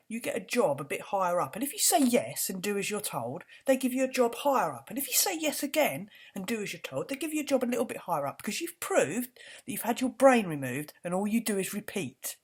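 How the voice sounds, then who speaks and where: Husky woman ranting angrily. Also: fairly high pitch. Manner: swearing, indignant ranting, repeats words for emphasis. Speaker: vlogger. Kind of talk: angry rant to camera.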